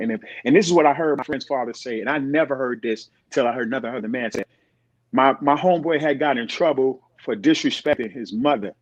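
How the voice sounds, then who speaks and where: This middle-aged podcast guest speaks at a quick pace with a medium-pitched voice, telling stories in conversation. He's animated, acting out the voices of whoever he quotes. The recording is dull and dry, with no echo at all.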